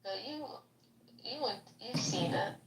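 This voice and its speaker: A woman's voice: a little high, measured pace, very noisy. Giggly woman in an echoey room. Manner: giggly, laughs often. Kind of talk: casual chat. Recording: echoey room, far from mic.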